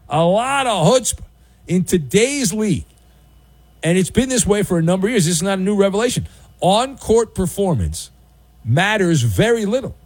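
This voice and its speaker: A middle-aged man hosting a late-night sports talk radio show, riffing sarcastically with jokey, drawn-out emphasis. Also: a little high, darkish tone.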